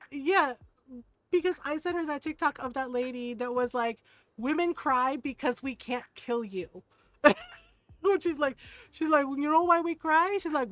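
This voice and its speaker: A middle-aged woman streams a game and swaps stories in a loose, casual way. Her voice sits high, and it comes across close and dry. She laughs and swears easily as she plays out the voices of the people in her stories. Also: fairly bright tone, no room sound. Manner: laughs often, swears, acts out quoted voices. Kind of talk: casual storytelling chat while gaming.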